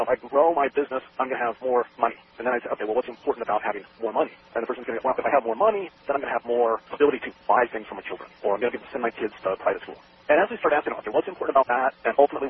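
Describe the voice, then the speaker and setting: A man giving interview answers about a sales method, talking fast and acting out both sides of a sales conversation. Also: medium pitch. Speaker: sales trainer. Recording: tinny phone line with faint noise.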